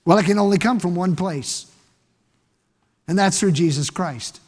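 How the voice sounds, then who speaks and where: Delivering a sermon in a church sanctuary, a man speaks a little slowly in a high voice with a darkish tone. He emphatically repeats words to build his argument and asks the congregation rhetorical questions, all under long church hall reverb.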